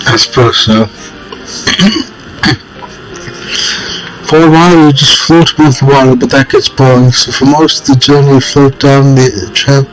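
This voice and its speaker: A man's voice: mid-range voice, flat delivery, measured pace, pauses often, faint music behind, poor audio. A man casually narrating his playthrough of a text adventure game, reading choices aloud with wry asides. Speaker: gameplay narrator. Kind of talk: casual let's-play commentary.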